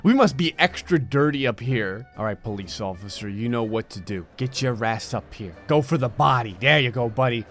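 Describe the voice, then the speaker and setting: A man's voice: medium pitch, animated, moderate pace, few pauses, a bit bright, faint music behind. A young man from New Jersey giving casual, sarcastic commentary on a strategy game, joking and laughing often. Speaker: gameplay commentator.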